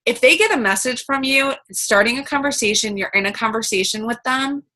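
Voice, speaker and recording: A woman's voice: fairly high pitch, brisk, pushed and bright. A woman giving a chatty, upbeat coaching talk over a video call, full of fillers and quoted asides. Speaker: team coach.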